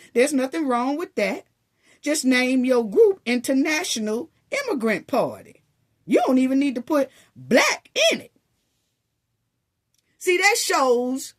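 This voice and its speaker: A woman delivers a scolding opinion monologue, throwing out sarcastic rhetorical questions. Her pitch swings up and down as she talks, and she takes her time with the words. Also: slightly rough. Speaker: commentary vlogger.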